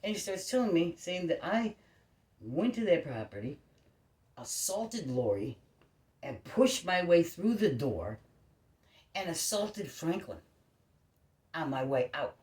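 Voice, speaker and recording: Woman, casual storytelling, rambling and profane, very lively pitch, echoey room. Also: slow, long pauses. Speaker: neighbor telling a story. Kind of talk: casual chat.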